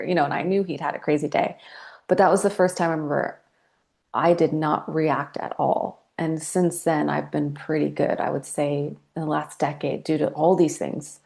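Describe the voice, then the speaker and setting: Low, gravelly woman in her forties. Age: 40s. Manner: reflective storyteller, calm and measured. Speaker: podcast guest. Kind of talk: candid interview talk.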